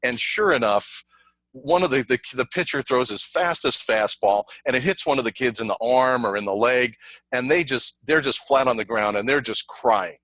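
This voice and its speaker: A middle-aged man presenting a sales training over a video call, energetic and conversational, repeating himself and telling stories. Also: mid-range voice, moderate pace, dry recording, poor audio. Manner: energetic, repetitive, conversational teaching with anecdotes. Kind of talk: online webinar presentation.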